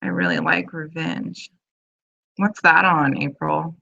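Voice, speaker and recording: A woman's voice: low voice, big pitch swings, slow pace, gravelly, sharp tone, highs cut off. A woman in her thirties hosting a casual video chat from home, rambling with lots of fillers. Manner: chatty, rambling, full of fillers. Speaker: host of a live video chat.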